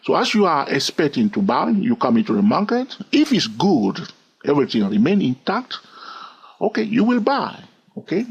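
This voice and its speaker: A man teaching a trading lesson, animated and asking the listener rhetorical questions. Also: on the high side, normal speed, vocal fry, husky. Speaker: trading educator. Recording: dull lo-fi audio.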